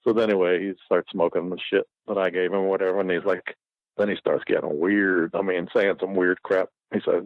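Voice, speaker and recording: Man, gravelly low voice, rambling profane storytelling, dull lo-fi sound. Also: fast, dry recording. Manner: rambling, profane, laughs often. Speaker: guest. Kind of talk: casual storytelling. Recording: dull lo-fi recording.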